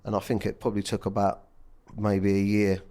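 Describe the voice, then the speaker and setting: A deep-voiced man talks openly as a podcast guest. His delivery is blunt, emotional and full of casual swearing, with a low pitch throughout. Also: completely flat delivery, a little fast, warm tone. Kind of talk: candid casual chat.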